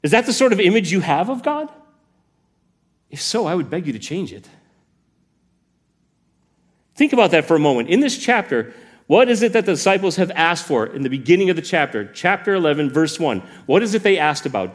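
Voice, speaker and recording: A man delivers a sermon in a lively voice that climbs and dips widely. His voice sits a little high for a man, and he keeps putting questions to the congregation. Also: a little fast, pauses often. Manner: animated, asks the congregation questions. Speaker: preacher.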